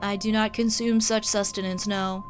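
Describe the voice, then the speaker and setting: A woman reads a detached, otherworldly angel from a fantasy game. The delivery is stiff and formal, held to a flat monotone with almost no pitch movement. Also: normal speed, over music, natural voice. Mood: cold formal. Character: cold monotone female angel, creature of light. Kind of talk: reading game dialogue aloud.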